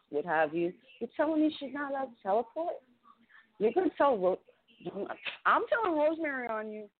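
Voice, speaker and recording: A woman co-hosting a wrestling podcast, chatting casually and swearing freely. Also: a little high. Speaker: co-host. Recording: phone-like lo-fi call audio.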